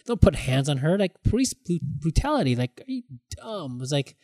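A man in casual podcast chat, animated, acting out quoted lines and swearing freely. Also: a little high, a little fast, no echo.

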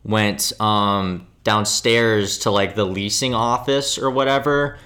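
A man's voice: on the low side, steady tone, takes it slowly, sharp tone. A young man co-hosting a casual podcast, telling a crime story loosely with many fillers and restarts. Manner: rambling, lots of fillers and restarts. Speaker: podcast co-host. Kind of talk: casual true-crime chat.

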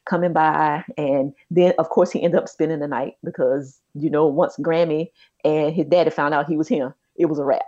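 A woman, co-hosting a podcast and telling a personal story in a chatty, animated way. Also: low-pitched, moderate pace, muffled recording. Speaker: podcast co-host. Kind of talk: casual chat, storytelling.

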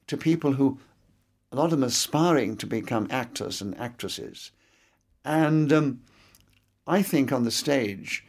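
An older man with a Scottish-tinged English accent and clear actor's diction, explaining his views as a guest in an interview. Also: mid-range voice. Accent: English with a Scottish inflection.

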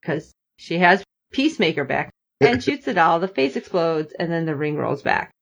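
A woman's voice: on the low side, moderate pace, creaky. A woman in casual chat, animatedly recapping a TV episode and acting out the characters' lines. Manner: animated storyteller, acting out both sides of the scene. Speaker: podcast co-host recapping a TV episode.

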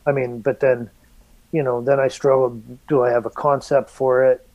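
A man's voice: mid-range voice, flat delivery, normal speed, a little mellow, no echo, highs cut off. A man guesting as an artist, talking casually and rambling with lots of fillers, restarts and swearing. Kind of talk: casual conversation.

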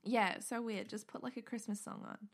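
A woman's voice: a little high, steady tone, normal speed. A woman co-hosting a podcast in casual chat, swearing freely and retelling scenes with quoted voices. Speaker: podcast co-host.

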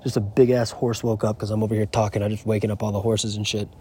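A travel vlogger with a lowish, dark voice and a breathy edge talks quickly in a level tone. Outdoors on a horse farm, he rambles through a casual, profane monologue, telling stories candidly.

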